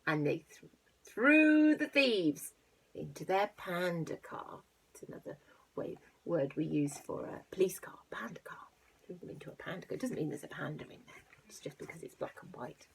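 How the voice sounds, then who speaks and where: A teacher reading a picture book aloud to young children. She plays up the animal noises and drops into hushed asides between the lines. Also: deep voice, fairly quick, vocal fry, whispered.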